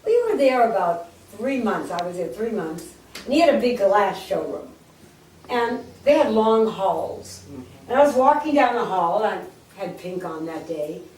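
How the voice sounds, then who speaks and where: Lively older woman storyteller, echoey hall. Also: mid-range voice, unhurried. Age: 80s. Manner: lively, jokey storyteller, acts out quotes. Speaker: speaker telling her life story. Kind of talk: storytelling talk to a live audience. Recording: echoey room, distant mic.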